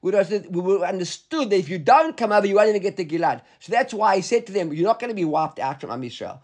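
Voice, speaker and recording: High-voiced man teaching a Talmud class. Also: expressive, fast talker. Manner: reads Hebrew and Aramaic text aloud then explains in English.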